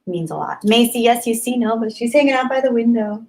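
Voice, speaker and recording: A woman's voice: a little high, fast, hardly any pauses, a little mellow. Earnest woman chatting on a livestream. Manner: earnest, thankful, rambling with frequent fillers. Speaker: YouTube livestream host. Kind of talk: casual chat reading viewer comments.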